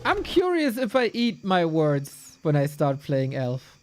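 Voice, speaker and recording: An esports caster giving live commentary on a strategy game match, excitable and joking, thinking out loud between plays. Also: mid-range voice, a little slow, slight background noise.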